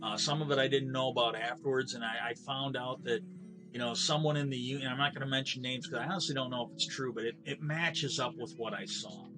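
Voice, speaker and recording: A middle-aged man streams a game while telling a long, bitter story. He swears freely and stops to restart his sentences. His voice sits at an ordinary pitch, and clear music plays underneath. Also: fairly even intonation, fast. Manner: profane, bitter, rambling with restarts. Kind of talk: casual ranting storytelling while gaming.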